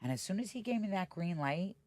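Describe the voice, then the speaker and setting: A middle-aged woman, appearing as a podcast guest, tells stories bluntly in a casual interview, swearing freely and animatedly acting out the voices of people she quotes. Her voice sits on the low side and moves a little fast, with no room sound.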